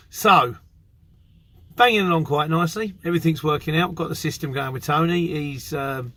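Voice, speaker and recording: Chatty english courier bloke, middle-aged, a bit raspy, vlogging his week. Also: fairly high pitch, a bit bright. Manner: chatty, rambling storyteller. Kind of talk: casual vlog storytelling.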